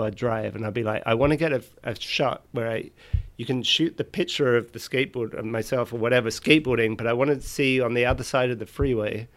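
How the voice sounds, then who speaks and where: Rambling man telling a story. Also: medium pitch. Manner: rambling, swearing, many "like" fillers. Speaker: podcast guest. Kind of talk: casual storytelling.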